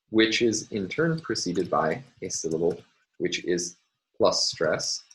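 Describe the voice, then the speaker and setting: Guy with a really low voice doing a recorded lecture, lots of ums, slow and explanatory. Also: a bit bright, low-quality recording. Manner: measured, explanatory, many ums and uhs.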